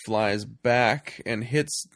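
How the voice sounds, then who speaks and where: On a casual comedy podcast, a male co-host with a mid-range voice talks extremely slowly while recapping a movie. He's animated, laughing often and acting out quoted lines in silly voices. The studio-quality recording is dry.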